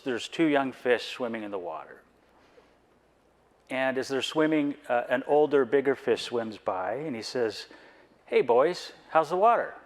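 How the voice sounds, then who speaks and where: Earnest man giving a reflective talk. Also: mid-range voice. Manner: earnest, personal, reflective, with rhetorical questions. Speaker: board member giving a conference talk.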